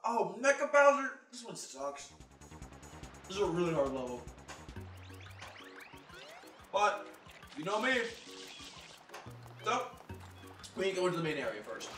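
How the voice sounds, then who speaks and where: A man's voice: high-pitched, big pitch swings, moderate pace, long pauses, a bit bright, recorded from a distance. Crude joking man over game music. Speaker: co-host playing the game. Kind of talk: casual gameplay commentary. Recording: echoey room, mic off a bit, game music.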